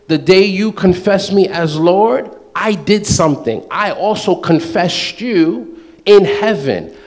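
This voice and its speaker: Male preacher, high voice, lively and playful in delivery. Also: slow pace. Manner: animated, playful, acts out quoted voices with laughter. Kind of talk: sermon.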